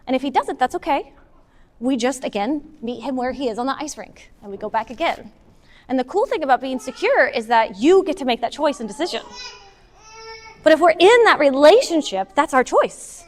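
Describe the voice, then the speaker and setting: A woman giving a casual, animated talk to a moms' group, taking audience questions and acting out what partners say. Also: high-pitched, moderate pace. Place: meeting hall with an audience. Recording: long hall reverb.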